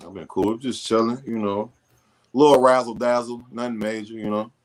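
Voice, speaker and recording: A man's voice: on the low side, steady tone, normal speed, a little mellow, poor audio. A man hosting a live stream in casual chat, laid-back and slangy, often restarting his sentences. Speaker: streamer host.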